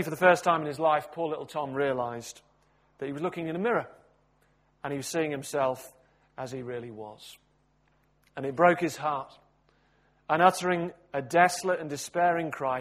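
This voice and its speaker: Expressive man preaching a sermon. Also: a little high. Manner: expressive storytelling with wide swings in loudness.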